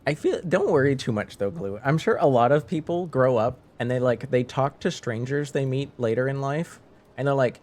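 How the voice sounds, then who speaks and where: A man's voice: medium pitch, animated, moderate pace, darkish tone. A man chatting casually with viewers on a live stream, rambling, laughing and restarting his sentences.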